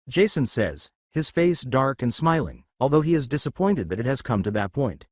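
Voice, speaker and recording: A man narrating fan fiction in a steady, scripted storytelling manner. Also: medium pitch, moderate pace, hardly any pauses, no room sound, clean studio sound.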